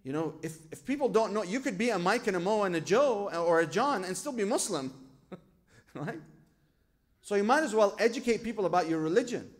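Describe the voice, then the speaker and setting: A man's voice: high voice, expressive, brisk. A man giving a sermon as a sheikh. He tells stories from his own life, asks rhetorical questions and quotes scripture. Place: lecture hall at a religious gathering.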